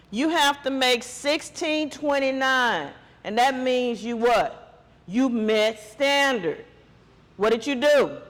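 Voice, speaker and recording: High-voiced man teacher quizzing students. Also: fairly bright tone, long reverb tail. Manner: quizzing students with call-and-response questions. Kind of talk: classroom test-prep lesson.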